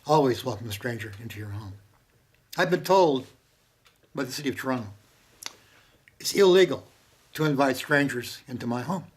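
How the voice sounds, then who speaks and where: A man talking casually to camera at home, impassioned and profane, swinging from loud bursts to hushed whispers. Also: mid-range voice, expressive, normal speed, long pauses, slightly rough. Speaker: monologuing about strangers and religion. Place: home with maps on the wall. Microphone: handheld camera.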